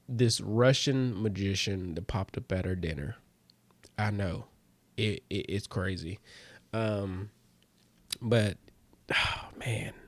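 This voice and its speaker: A man telling a rambling comic story in a casual way, his voice jumping high when he gets excited. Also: dry recording. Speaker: comedian host.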